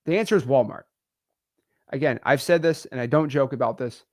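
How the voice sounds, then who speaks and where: A man's voice: medium pitch, fairly quick, no room sound, clean studio sound. A man from Florida, teaching a wholesaling course in a casual joking way and peppering his talk with "okay" and "all right". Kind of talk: casual joking lesson to camera.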